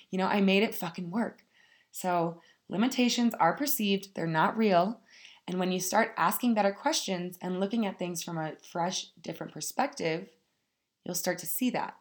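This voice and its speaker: Woman, motivational speaker, candid and profane, slightly low voice, casual direct address. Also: normal speed. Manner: frank, profane, addresses listeners as "you guys".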